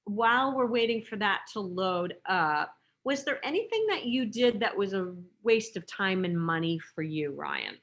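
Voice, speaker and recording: A woman's voice: medium pitch, animated, moderate pace, fairly bright tone. A female podcast host leading a live online session. She greets attendees by name and reads their questions to the guest in an affirming, encouraging way. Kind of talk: hosting an online Q&A.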